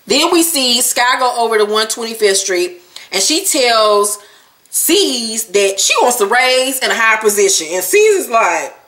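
A woman's voice: a little high, very animated, measured pace, a bit bright. A woman recapping a reality show in a casual vlog, brash, sassy and swearing freely. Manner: brash, sassy and profane, with blunt jokes. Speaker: vlogger reviewing reality TV. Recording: echoey room recording.

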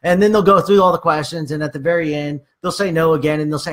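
A man's voice: on the high side, steady tone, quick pace, a bit bright. A man giving casual sales training, acting out conversations with clients and using many fillers.

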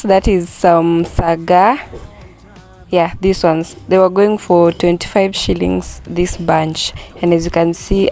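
A Kenyan woman casually narrating a home vlog, relaxed and full of "yeah, so" fillers. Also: on the low side, creaky. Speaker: vlogger. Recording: echoey room, distant mic, faint music.

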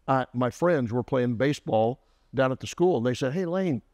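A man co-hosting a podcast, telling a story from his childhood in a folksy way, often pausing with "uh" and starting over. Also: medium pitch, a little mellow, no echo. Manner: folksy, with frequent "uh" and restarts. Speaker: co-host. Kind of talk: casual storytelling.

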